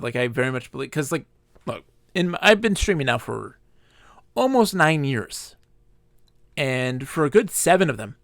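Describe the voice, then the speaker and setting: A man's voice: mid-range voice, a bit bright, no echo, clean studio sound. A drunk man streaming a game live, rambling and giggling as he talks, sometimes squealing and sometimes murmuring. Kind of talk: live gameplay commentary.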